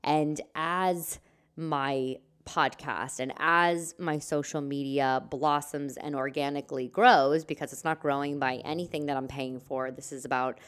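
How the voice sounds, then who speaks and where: Woman podcast host, low and smooth voice, chatty solo talk, rambling asides. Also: steady tone, unhurried. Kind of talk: casual solo podcast chat.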